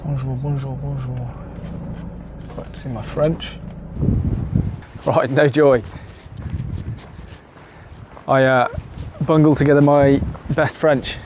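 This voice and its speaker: A man's voice: mid-range voice, steady tone, slow pace, long pauses. A man chatting casually on a travel vlog, self-deprecating and laughing at himself, recorded in a car and outdoors. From England. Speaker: travel vlogger. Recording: noisy car and outdoor background. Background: car and traffic noise.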